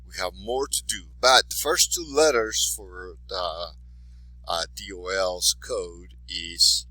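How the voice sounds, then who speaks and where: A man's voice: deep voice, slow pace, bright, forceful tone, dry recording, low-quality recording. A man teaching a lesson in English, patiently saying each example word twice. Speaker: Spanish teacher. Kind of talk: recorded classroom lesson.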